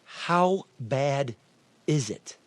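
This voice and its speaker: A man's voice: medium pitch, lively intonation, extremely slow, no echo. A man from the American Midwest hosting a news talk show, blunt and profane, often restarting his sentences. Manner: blunt, profane, repeats himself. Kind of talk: casual talk show banter.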